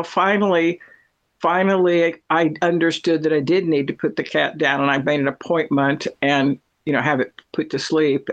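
A middle-aged woman telling a story in casual chat, chatty and animated, laughing often. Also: fairly low pitch, muffled recording. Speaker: cat owner telling a story.

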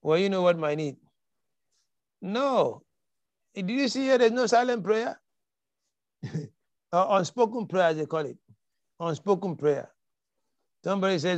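A man with a high voice preaches with emphatic force. He repeats key lines for weight and acts out the scripture quotes. The sound is dry and close. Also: animated, normal speed, long pauses, no echo, lo-fi sound. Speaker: pastor. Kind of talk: sermon.

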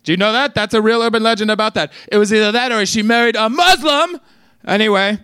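A man's voice: sits high, quick pace, pushed and bright, clean tone, dry recording, clean studio sound. A man playing Gandhi at a stage roast, in a mangled put-on accent, firing off brash jokes and laughing at his own lines. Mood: cocky. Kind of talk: stand-up roast set. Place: comedy stage.

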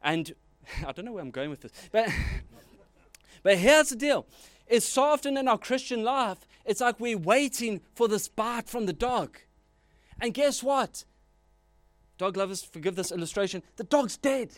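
Man, pastor preaching, lively storyteller, fairly high voice, dry sound. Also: unhurried, dry recording. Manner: animated, storytelling with asides and jokes. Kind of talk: sermon.

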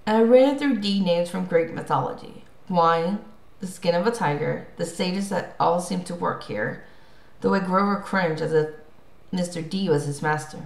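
A woman narrating a first-person audiobook in a lively storytelling manner. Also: lowish voice, normal speed, vocal fry. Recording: roomy echo.

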